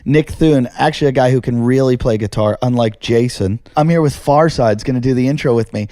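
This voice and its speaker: A man's voice: medium pitch, brisk, warm tone, no room sound. A man hosting a comedy podcast, teasing his co-host with dry questions.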